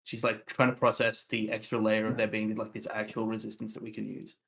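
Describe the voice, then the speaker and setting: A man plays a tabletop fantasy game and talks through his moves in a casual way. His voice has a gravelly texture. He often thinks aloud as he speaks. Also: on the low side, monotone, brisk, fairly bright tone. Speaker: player.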